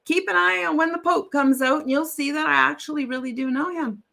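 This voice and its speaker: A woman voicing a relaxed, confident man in a joke she tells. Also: very high voice, a little fast, gravelly, heavily acted. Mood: assured. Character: easygoing, confident man who knows everybody.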